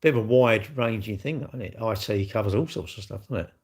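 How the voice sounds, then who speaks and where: Bloke, live-stream host, blunt and rambling, cheeky asides to chat. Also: male voice, lowish voice, fast talker, husky.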